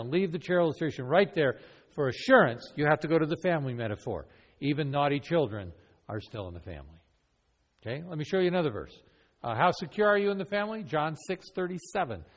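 A man leading a church evangelism training class, asking the group question after question in an earnest, conversational way. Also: fairly high pitch. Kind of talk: classroom teaching with role-play. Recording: long hall reverb.

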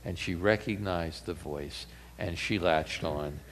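A man preaching a sermon, retelling a story with lively swings between loud emphasis and hushed lines. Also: sits low, slow, in a large hall, a little hiss or hum.

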